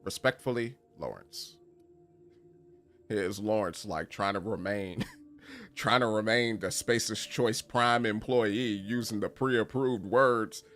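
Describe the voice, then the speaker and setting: A man's voice: on the low side, steady tone, takes it slowly, fairly bright tone. A man streaming a game who reads in-game messages aloud and laughs often in casual commentary. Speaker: gaming streamer.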